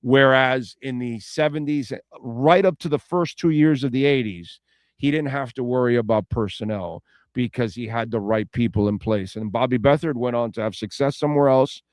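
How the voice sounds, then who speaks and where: A man co-hosting a sports radio show, making opinionated points with slow, stressed emphasis. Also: mid-range voice, dry recording, studio quality. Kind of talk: casual sports talk.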